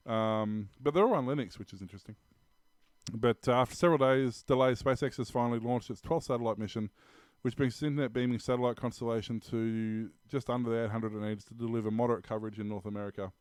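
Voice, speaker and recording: An Australian man co-hosts a tech podcast, talking through news in a loose, rambling way, full of ums and restarts. His voice is smooth and clear, at a middle pitch. He is recorded dry and close. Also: fairly even intonation, fast talker, darkish tone, no echo. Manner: rambling, many ums and restarts, laughs often. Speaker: podcast co-host. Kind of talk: casual tech news chat.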